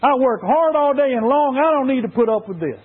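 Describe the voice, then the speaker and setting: Preacher guy doing a cranky worn-out dad, snapping, high husky voice. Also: expressive, fairly quick, heavily acted. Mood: irritated. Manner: snapping, exasperated. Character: irritated tired working father. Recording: tinny phone-like sound.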